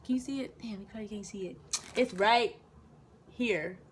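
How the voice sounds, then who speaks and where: A young woman vlogger telling a casual story in an animated way, swearing freely and acting out what people said. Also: medium pitch, moderate pace.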